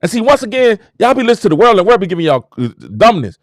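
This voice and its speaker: High, animated preachy man. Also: rapid-fire, no room sound, studio quality. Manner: preachy, exclamatory, hypes himself up. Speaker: show host. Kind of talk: casual motivational monologue.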